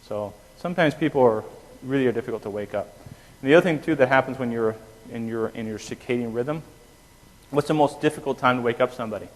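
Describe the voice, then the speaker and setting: A man's voice: mid-range voice, quick pace. A man giving a classroom lecture on anesthesia, explaining with homespun analogies and checking in with "okay?" after each point. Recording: reverberant lecture hall.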